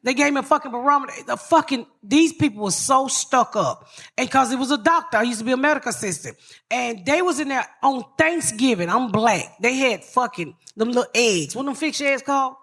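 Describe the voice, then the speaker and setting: A middle-aged woman holds forth on a live podcast stage. Her high, bright voice swings widely as she tells loud, profane stories. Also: lively intonation, a little fast. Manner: brash, profane, loud storytelling. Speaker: comedian and podcast host. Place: live show before an audience.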